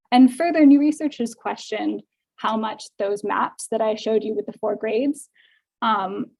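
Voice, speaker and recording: A woman's voice: mid-range voice, vocal fry, darkish tone, poor audio. A woman giving an academic seminar talk, explaining research carefully with frequent ums, her voice sounding tired. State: voice getting tired. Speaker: seminar speaker.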